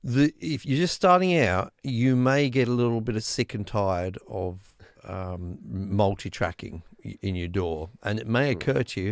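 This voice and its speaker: A man hosting a music panel with a gravelly voice, asking drawn-out questions. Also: lowish voice, no room sound, clean studio sound. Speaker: host. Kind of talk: casual panel discussion.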